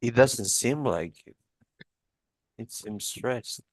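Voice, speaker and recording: A man's voice: mid-range voice, expressive, slow pace, no echo. A man tutoring a student one-on-one, patiently going over test answers with many restarts. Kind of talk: one-on-one lesson review.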